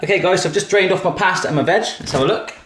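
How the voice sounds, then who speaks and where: A man's voice: high-pitched, very fast. Chirpy English man in an echoey kitchen. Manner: chirpy, chatty, addresses viewers as guys, loud whoops. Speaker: cooking vlogger. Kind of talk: casual cooking demonstration. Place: home kitchen. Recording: roomy kitchen with faint noise.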